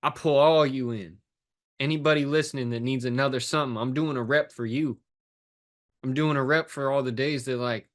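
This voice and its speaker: A man's voice: mid-range voice, a bit bright. A man talks about hardship with the pull of a preacher, his voice sitting in an ordinary middle range. He coaches people in fitness and life, speaks bluntly and swears now and then, and leans hard into every point. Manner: intense, preaching, swears, uses street phrasing. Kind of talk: emotional podcast conversation.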